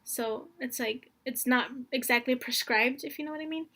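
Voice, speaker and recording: A young woman speaks in a slightly higher voice, telling her story casually and earnestly. She rambles, leaning on "like" and "honestly," and sounds close to tears. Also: moderate pace, a bit bright. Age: young adult. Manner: rambling, earnest, heavy use of fillers like "like" and "honestly". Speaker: vlogger.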